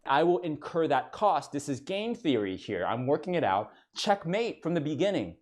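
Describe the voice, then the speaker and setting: A man's voice: fairly high pitch, sing-song, normal speed, darkish tone. A man delivering a comedic explainer monologue in a dry, mock-lecturing way. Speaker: comedic video creator.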